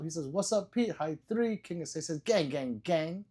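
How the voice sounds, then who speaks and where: A man's voice: fairly high pitch, lively intonation, normal speed, few pauses, a little mellow, slightly rough. A man hosting a casual livestream, reading viewers' chat messages aloud, joking, laughing and swearing freely. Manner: loose and profane. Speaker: livestream host.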